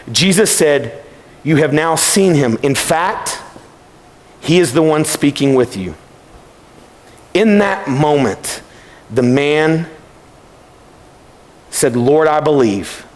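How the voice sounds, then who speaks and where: A man giving a youth camp sermon, telling stories and acting out voices in an animated way. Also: on the high side, slow, long pauses. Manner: animated, acts out voices in the story. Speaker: camp speaker. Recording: long hall reverb.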